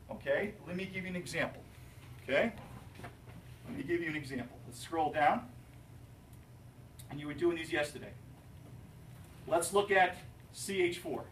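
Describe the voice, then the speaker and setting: A male chemistry teacher lecturing his class, animated and jokey, asking students questions. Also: high-pitched, a little slow, pauses often, a little hiss or hum. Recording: roomy, distant classroom recording.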